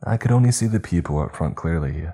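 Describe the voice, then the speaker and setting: A man tells a first-person story in a very low, mellow voice with a husky texture. His delivery is steady and even. Soft music sits faintly beneath him. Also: quick pace. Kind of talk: storytelling narration.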